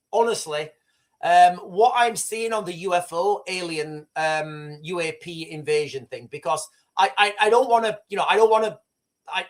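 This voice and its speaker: A man hosting a live news commentary stream, rambling and excitable with many restarts, boastful and opinionated. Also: high-pitched. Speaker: livestream host.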